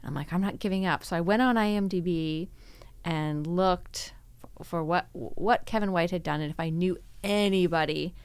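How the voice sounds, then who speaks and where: A woman with a lowish, smooth, resonant voice recounts her experiences in a relaxed interview. She tells her story with energy and slips into quoted dialogue as she goes. The sound is close and dry, with no room around it. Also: normal speed, no echo. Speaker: podcast guest, actress and screenwriter. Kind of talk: casual interview conversation.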